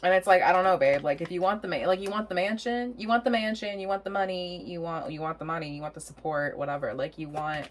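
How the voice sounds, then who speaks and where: A woman's voice: fairly low pitch, fairly even intonation, fast talker, few pauses, a little hiss or hum. A young adult woman giving a casual tarot reading, rambling and chatty, laughing often and swearing freely. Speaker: tarot reader.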